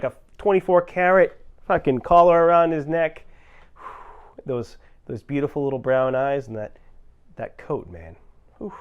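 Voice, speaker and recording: A man with a slightly high voice smugly dishes out crude gossip. He delivers it in a deadpan, improvised mockumentary style. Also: clear, resonant tone, muffled recording. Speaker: comedy troupe performer. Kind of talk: improv mockumentary band interview.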